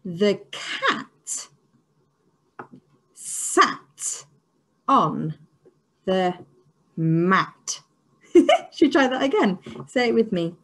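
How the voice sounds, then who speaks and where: Slow, breathy woman teaching phonics. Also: mid-range voice. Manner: slow, exaggerated sounding out with excited praise. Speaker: early years teacher. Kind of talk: online phonics lesson for young children.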